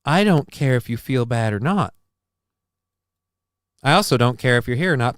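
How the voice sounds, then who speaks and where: This man talks into a close desk mic on a casual live stream, his voice smooth and clear in a dry, dead room. He rambles defensively and swears freely, and his voice cracks at times. His pitch sits in an ordinary middle range for a man. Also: expressive, moderate pace, pauses often, dry recording. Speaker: livestream host reading chat.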